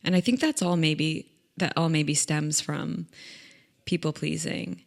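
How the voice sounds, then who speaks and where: A woman's voice: deep voice, steady tone, measured pace, creaky. A young adult woman hosting a podcast, telling funny personal stories in a chatty, self-mocking way and laughing often. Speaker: podcast host. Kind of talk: comic personal storytelling.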